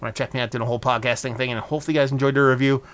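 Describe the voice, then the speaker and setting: A man's voice: medium pitch, fairly even intonation, racing, smooth. Loose, swearing beer-review vlogger man. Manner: loose, profane, rambling. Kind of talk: casual beer review vlog.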